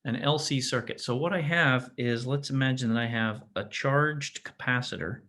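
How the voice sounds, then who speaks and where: A man with a medium-pitched, somewhat bright voice teaches physics at a moderate pace. His casual classroom lecture is full of restarted sentences and check-ins like "right?".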